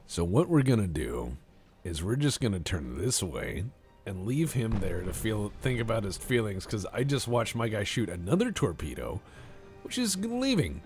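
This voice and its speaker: A low-pitched man talks through a strategy game on a live stream, his voice rising and falling a lot as he jokes and rambles. Faint music plays under his casual commentary. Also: sing-song, normal speed, darkish tone. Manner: playful, rambling, jokey asides.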